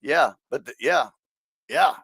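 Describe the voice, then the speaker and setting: Playful laughing man, lively voice. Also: a little high, takes it slowly, gravelly, breathy edge, no echo. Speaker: host. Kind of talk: casual riffing over a movie.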